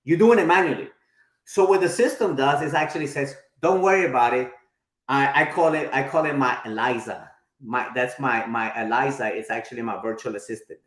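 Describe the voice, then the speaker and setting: A man's voice: medium pitch, a little fast, fairly bright tone, echoey room. A man in his forties teaching a live workshop, chatty, often checking in with his listeners. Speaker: marketing instructor.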